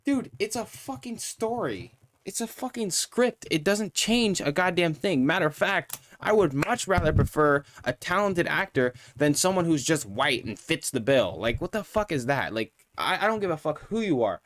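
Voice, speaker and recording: A man's voice: a little high, animated, normal speed, few pauses, fairly bright tone, no room sound. A man streaming live, ranting in a profane, heated, rambling way while reviewing a show.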